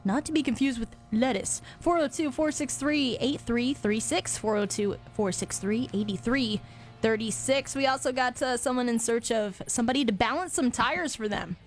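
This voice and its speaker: A woman co-hosts a local radio show in a slightly higher voice, playful and quick to laugh. She banters casually and reads listings with their phone numbers. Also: faint music behind. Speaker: radio co-host.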